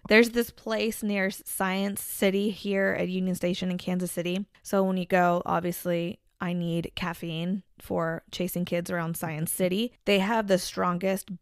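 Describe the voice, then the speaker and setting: A young woman co-hosting a podcast in casual chat, talkative and quick to laugh, telling little stories with plenty of asides. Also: fairly low pitch, level tone, clear, resonant tone, dry recording, clean studio sound. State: pregnant. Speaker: podcast co-host.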